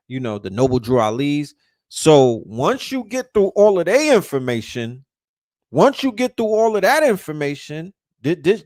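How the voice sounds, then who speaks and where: A man's voice: medium pitch, no echo, clean studio sound. A man ranting casually, emphatic and profane, often restarting words when fired up. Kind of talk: casual rant.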